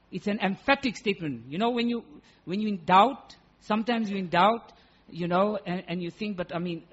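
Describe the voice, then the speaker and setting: A man's voice: high-pitched, slightly rough, dull audio. A man preaching a sermon, explaining Arabic words with emphatic repetition and acting out little quoted exchanges. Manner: emphatic, repeats words for stress, acts out quoted voices. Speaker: Islamic preacher.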